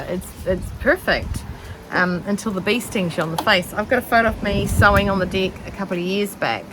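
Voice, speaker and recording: A woman's voice: on the low side, fairly bright tone, slight background noise, poor audio. A middle-aged woman with a New Zealand accent, vlogging casually as she sews outdoors on a shaded deck, rambling and joking at herself with lots of ums. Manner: rambling and self-mocking, with many ums. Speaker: sewing vlogger. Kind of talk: casual chatty vlog.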